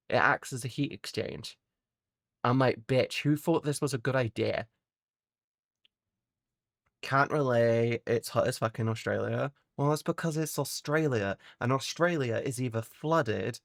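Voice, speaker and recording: A woman streamer chatting casually with her viewers from home, rambling, animated and sweary. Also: extremely low pitch, dry recording, clean studio sound. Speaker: VTuber streamer. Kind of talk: casual chat with live chat viewers.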